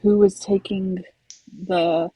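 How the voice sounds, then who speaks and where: Woman, basketball coach, husky, soft-spoken, casual talk, dry recording. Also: mid-range voice, flat delivery, slow pace, no room sound, low-quality recording. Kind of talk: casual conversation.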